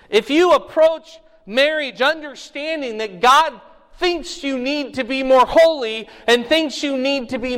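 High-voiced man preaching in a reverberant hall. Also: a bit bright. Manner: conversational, checks in with the congregation often. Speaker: pastor. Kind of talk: sermon teaching.

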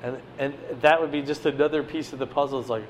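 A man giving a conversational sermon, teaching a Bible passage with animated swings between loud emphasis and quiet asides. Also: on the high side, quick pace, slight background noise.

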